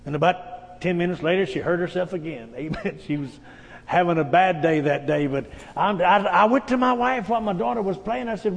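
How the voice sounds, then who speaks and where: High-voiced preacher in a reverberant hall. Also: male voice, fairly quick, gravelly. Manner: folksy storytelling preacher, frequent amens. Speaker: pastor. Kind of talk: sermon.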